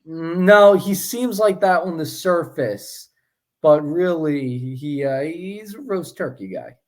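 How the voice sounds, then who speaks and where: A man's voice: fairly high pitch, slow pace, a little mellow. A man co-hosting a casual sports podcast, chatty and joking, with many fillers and restarts. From Philadelphia area. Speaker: podcast co-host.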